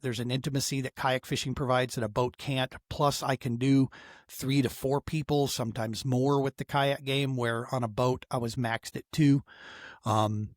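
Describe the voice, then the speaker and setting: A man's voice: medium pitch, no room sound, studio quality. A middle-aged man telling a heartfelt story as a podcast guest, earnest and emotional, often saying "man" and restarting his sentences. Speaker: podcast guest, outdoor therapy founder. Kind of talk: casual storytelling in a podcast interview.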